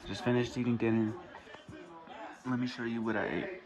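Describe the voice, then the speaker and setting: A man chatting casually to his viewers in a vlog, loose and relaxed with slang. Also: medium pitch, normal speed, crowd noise, rough recording. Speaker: vlogger.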